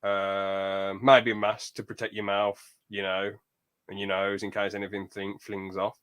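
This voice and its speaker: Guy hosting a podcast, rambly chat, gets animated telling stories. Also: on the low side, a little slow, clear, resonant tone. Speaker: podcast host. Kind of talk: casual chat.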